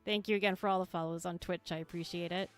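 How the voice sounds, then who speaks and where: A woman's voice: fairly low pitch, steady tone, quick pace, over music. A woman hosting a casual livestream, talking chattily to her chat while she sets things up on screen. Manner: chatty, upbeat, thinks aloud while handling on-screen tasks. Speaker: streamer and creator hosting a cast livestream.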